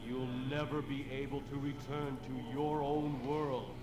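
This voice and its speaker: An actor playing a mysterious ghostly father who gives slow, commanding warnings. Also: medium pitch, little pitch movement, lightly acted. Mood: ominous. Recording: echoey, noisy game audio.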